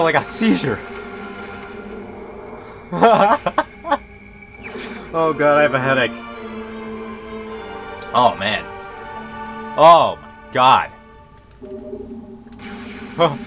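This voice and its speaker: High, animated gaming commentator man. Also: takes it slowly, long pauses, faint music behind. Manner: exclamatory, swings between dismay and giddy laughter. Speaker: let's play host.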